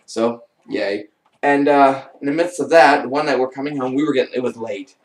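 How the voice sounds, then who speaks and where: A young man rambles through his personal stories with animated energy. His voice sits a little high for a man. It comes across set back from the mic, in a room with a noticeable echo. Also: fast, recorded from a distance. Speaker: vlogger. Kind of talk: casual storytelling.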